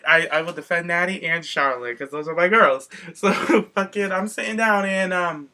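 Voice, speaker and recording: A man co-hosting a casual podcast with a strikingly bright, fairly high voice. He tells stories in a sassy, animated way, full of slang. He talks like he's chatting with a close friend. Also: moderate pace, clear, resonant tone. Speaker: podcast co-host. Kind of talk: casual chat.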